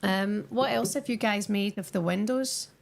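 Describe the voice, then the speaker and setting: A woman's voice: medium pitch, moderate pace, vocal fry, slight background noise. A young woman chatting casually with her viewers on a live stream while she watches a football match and answers their comments.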